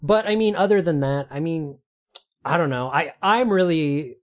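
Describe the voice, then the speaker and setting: A man co-hosting a podcast, chatting casually in a wry, halting way with lots of fillers. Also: on the high side, expressive. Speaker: podcast co-host. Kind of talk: casual chat.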